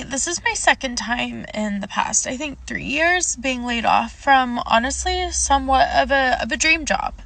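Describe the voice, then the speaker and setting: A woman's voice: on the high side, a bit bright, no echo. A woman recruiter speaking in a personal vlog, earnest and reflective, a little emotional.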